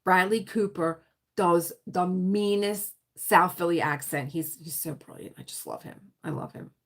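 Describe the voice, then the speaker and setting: A woman with a South Philadelphia accent hosting a casual livestream chat, rambling with quick asides and laughter. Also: fairly low pitch. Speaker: livestream host.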